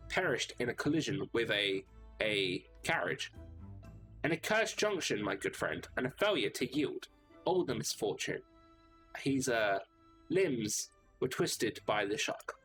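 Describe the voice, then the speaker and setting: A man's voice: mid-range voice, sharp tone. A man voicing a pompous male knight in plate armor who talks in grandiose, mock old-fashioned words, over faint music.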